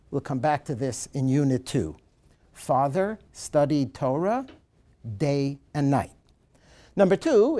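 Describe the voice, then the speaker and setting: A man lecturing in a seminar, reading a passage aloud with dramatic, animated delivery and then explaining it. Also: a little high.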